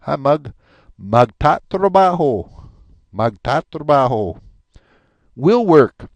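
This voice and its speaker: A man teaching a recorded language lesson, patiently repeating each word slowly with chatty asides. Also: fairly high pitch, big pitch swings, dry recording. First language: English.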